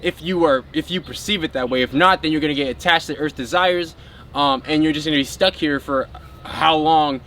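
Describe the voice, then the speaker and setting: A spiritual vlogger speaks casually to his viewers as a group, rambling and using lots of filler words. His voice is fairly high, a bit bright, and a little fast.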